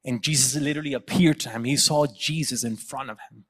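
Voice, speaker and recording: Male pastor, story-driven sermon, mid pitch, long church reverb. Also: fairly even intonation, brisk, breathy edge. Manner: storytelling, acting out quoted voices.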